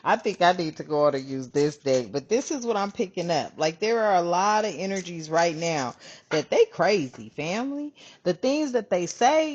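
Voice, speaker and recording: Low-voiced casual female card reader, lively swings, muffled home recording. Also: normal speed. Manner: chatty, swears freely, calls viewers family. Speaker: tarot reader. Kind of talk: casual spiritual channel talk. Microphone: camera on her hands. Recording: dull lo-fi sound.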